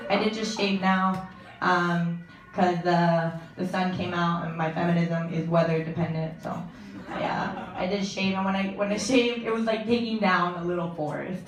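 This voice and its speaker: Woman doing stand-up in an echoey club. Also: fairly low pitch. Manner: deadpan jokes with quick asides to the crowd. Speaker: stand-up comedian. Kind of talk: stand-up comedy set. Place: comedy club stage. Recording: echoey room from a distance, audience laughter.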